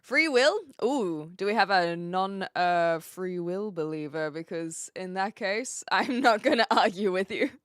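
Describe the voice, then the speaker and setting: A chatty live streamer from New Zealand talks casually to her viewers with a light Kiwi accent, her bouncy pitch rising and falling a lot. She's a little slow, with hardly any pauses and a clean tone, laughing often and answering chat messages. The sound is close and dry, without room echo.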